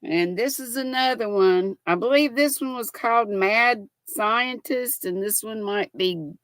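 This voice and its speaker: A woman's voice: on the high side, unhurried, fairly bright tone, no room sound. An older woman, hosting a casual live-stream chat and reading viewer comments aloud in a chatty, affectionate way. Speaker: host.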